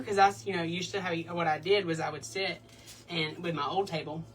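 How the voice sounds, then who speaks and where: Woman, chatty craft tutorial host, low voice, slightly distant mic, faint room hum. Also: steady tone, a little fast. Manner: chatty, bubbly, breaks into little sing-song bits. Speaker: wreath-making tutorial host. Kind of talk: casual crafting demo chat.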